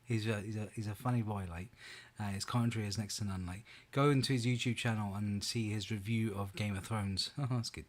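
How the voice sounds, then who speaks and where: A man's voice: fairly low pitch, fairly even intonation, a little fast. A man hosting an online pub quiz, chatty and rambling with lots of fillers. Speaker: quiz host.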